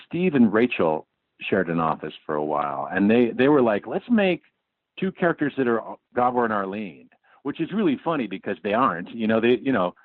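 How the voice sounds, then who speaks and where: A man with a fairly low voice recalls the old days in a loose, rambling way and swears now and then. His pitch moves a lot. He sounds dry and tinny, as if on a phone line. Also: big pitch swings, a little fast, no room sound. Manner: casual, rambling, swearing freely. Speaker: interviewee. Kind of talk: oral-history interview recollection.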